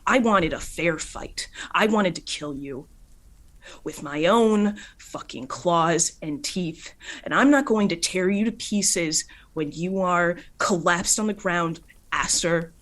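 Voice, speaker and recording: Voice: medium pitch, slow. A game master voicing an angry young woman fighter with claws who swears hard and raises her voice. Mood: furious. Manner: swearing, shouting, intense.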